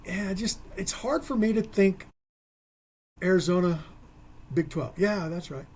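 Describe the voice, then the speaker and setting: Male sports radio host, slightly high voice, chatty and folksy, casual rambling talk. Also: a little slow, a little mellow, husky.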